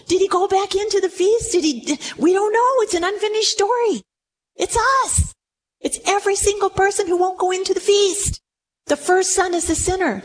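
A woman's voice: very high voice, a little hiss or hum. A woman preaching a sermon, telling a story expressively and acting out its voices.

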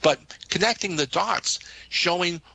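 A man's voice: sits high, unhurried, gravelly, pushed and bright, husky, rough recording. A man, a Catholic priest, patiently explaining doctrine to listeners on a call-in radio show, with frequent "uh" fillers.

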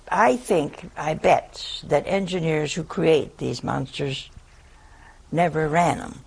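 A woman's voice: deep voice, gravelly, husky, poor audio. An older woman, a nun, telling a funny personal story to an audience in a folksy, self-mocking way. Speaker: nun, head of a religious community.

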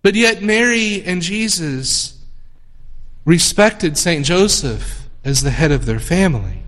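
High-voiced priest preaching slow and emphatic, long church echo around him. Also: male voice, expressive, a bit bright. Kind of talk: gospel reading and homily.

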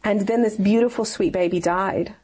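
A woman's voice: medium pitch, moderate pace, darkish tone, husky. A woman telling a personal faith story in a conversation, earnest and rambling, with many fillers. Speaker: interview guest.

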